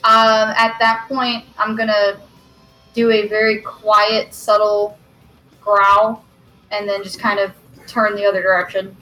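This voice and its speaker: A woman's voice: medium pitch, level tone, a little slow, sharp tone, faint music behind, poor audio. A woman player describing her character's actions in a tabletop game, in a playful manner. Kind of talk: tabletop role-play, playing a dog.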